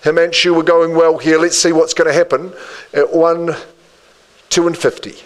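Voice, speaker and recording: A man working as an auctioneer, calling bids in a rhythmic patter, repeating the figures with quick asides to the room. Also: fairly high pitch, level tone, rough recording.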